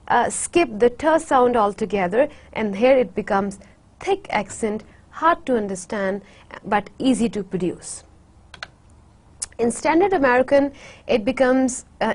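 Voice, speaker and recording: A woman lecturing on literature at a slow, careful pace, her voice sitting fairly high. She pauses often on fillers and repeats words aloud to show how they sound. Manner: slow, hesitant, many fillers. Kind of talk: university lecture.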